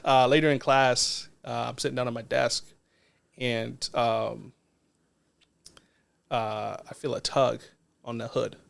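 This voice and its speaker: Gravelly, flat-voiced man telling stories. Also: medium pitch. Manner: earnest, reflective, unhurried. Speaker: non-profit co-founder, podcast guest. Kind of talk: casual storytelling interview.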